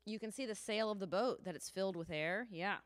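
A woman leading a children's sermon in a church, telling a story and asking the children questions in an animated way. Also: mid-range voice, fairly quick. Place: church sanctuary. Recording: long church reverb.

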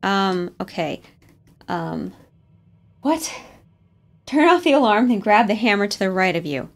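A woman's voice: medium pitch, expressive, unhurried. A young woman commenting on a horror game, jumpy and nervous, swearing and talking herself through scares. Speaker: gaming streamer.

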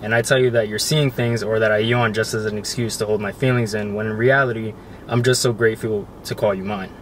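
A young man reading a heartfelt love letter aloud on a couple's vlog, soft and emotional, close to choking up. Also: on the low side, fairly even intonation, fairly quick. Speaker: couple vlogger. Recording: faint background noise.

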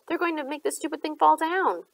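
A woman reading a nervous but sharp-tongued teenage girl in an audiobook, with clipped, snappy lines. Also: sits high, fairly quick, gravelly, no room sound, pitched above the performer's own voice, poor audio. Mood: anxious, snappy. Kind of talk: audiobook character voice.

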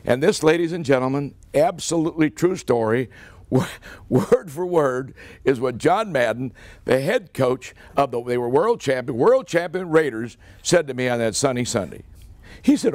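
A man's voice: mid-range voice, lively intonation, measured pace, darkish tone, no echo. An older American man giving a humorous after-dinner speech, telling a football story in a folksy, punchy way and acting out the dialogue. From United States. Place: club meeting hall.

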